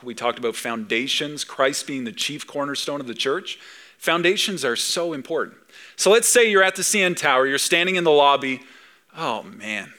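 A middle-aged pastor with a mid-range voice preaches in an animated, conversational manner. His sermon is packed with rhetorical questions.

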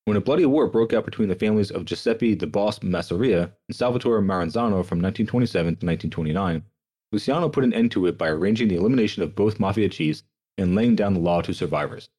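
A young man hosting a podcast, reading history notes aloud with quick, sardonic asides. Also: lowish voice, warm tone, breathy edge. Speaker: podcast host.

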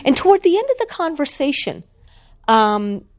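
A woman, an author and guest, telling a story in a conversation with an animated, expressive delivery. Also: high-pitched, moderate pace.

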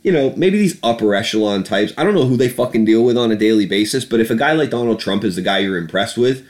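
A man hosting a podcast, ranting about politics in a fast, heated and sarcastic way, swearing freely. His voice sits fairly low. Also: lively intonation, a little mellow. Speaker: podcast host. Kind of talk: casual political rant.

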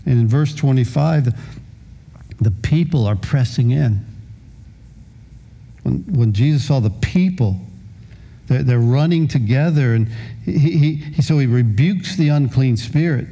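A man in his fifties preaching a sermon as pastor, with a halting delivery full of repeated words. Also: medium pitch, creaky, dark tone.

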